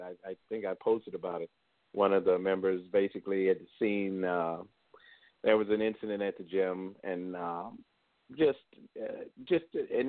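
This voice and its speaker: A man's voice: on the low side, dry recording. A man co-hosting a casual radio chat show, playful and loose, restarting his words as he talks. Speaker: podcast co-host. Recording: tinny phone line, dry.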